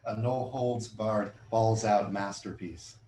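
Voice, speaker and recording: A middle-aged man reading his own poems to an audience in a bookshop, measured and deliberate, with chatty, self-amused asides between poems. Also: fairly low pitch, steady tone, mellow. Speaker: poet giving a reading. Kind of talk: poetry reading with spoken asides. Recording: roomy hall sound, faint room noise.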